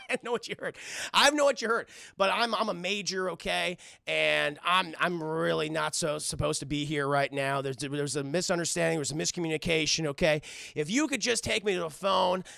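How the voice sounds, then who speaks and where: A man's voice: a little high, creaky, pushed and bright, dry recording, studio quality, heavily acted. A man doing a stammering, nervous army PR officer. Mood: flustered. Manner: fast, stammering, pleading. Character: nervous smooth-talking male army PR officer.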